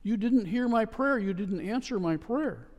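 A man's voice: high-pitched, animated, moderate pace, darkish tone, big-room sound, lo-fi sound, pitched above the performer's own voice. A male pastor voicing a distraught drowned man who pleads indignantly with God, in a sermon. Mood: pleading, indignant.

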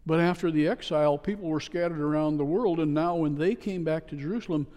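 A man's voice: on the high side, fast talker, dark tone. A man preaching a sermon as a pastor, telling stories in an earnest, plain way. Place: church sanctuary. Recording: long reverb of a church hall.

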